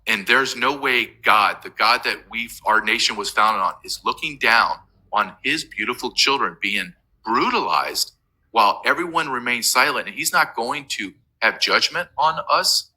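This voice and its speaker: An impassioned male interview guest who speaks with urgency and emphasis and often breaks off to restart a sentence. His pitch swings widely, and his tone is sharp and forceful throughout. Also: expressive, moderate pace, rough recording.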